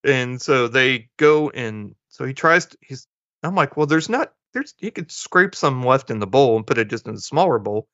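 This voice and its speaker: A man's voice: medium pitch, expressive, normal speed, a bit bright, dry recording. A man co-hosting a podcast, casually retelling a movie plot and acting out the characters' lines in passing. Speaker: podcast co-host. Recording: dull lo-fi dry sound.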